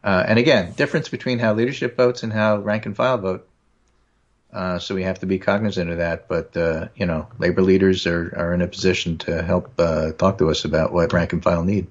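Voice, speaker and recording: A man's voice: deep voice, fairly even intonation, a little fast, dull audio. A man with a New York accent in casual political talk, wry and rambling, sometimes reading quotes aloud.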